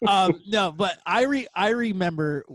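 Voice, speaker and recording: A male podcast host chatting casually with a friend over a remote call. His voice sits a little high and swings widely in pitch. He is animated and laughs often, with plenty of fillers. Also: unhurried. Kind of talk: casual chat.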